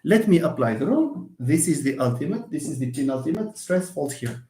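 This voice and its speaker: A man's voice: a little high, lively intonation, a little fast, dark tone. A man teaching English word stress in a live online lesson, explaining patiently and repeating example words. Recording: echoey room.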